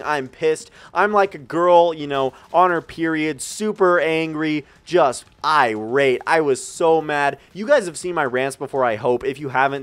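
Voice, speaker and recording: A young man telling a rambling, profane story in a casual storytime video, talking straight to his viewers. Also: a little high. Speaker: gaming channel storyteller. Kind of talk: casual storytime over gameplay.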